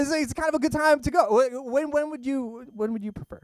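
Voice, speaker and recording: High-voiced young man doing rambling stand-up. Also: very animated, brisk, no echo, clean studio sound. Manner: rambling, self-deprecating, breaks into laughter. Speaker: stand-up comedian. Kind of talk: open-mic stand-up set. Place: small comedy club stage.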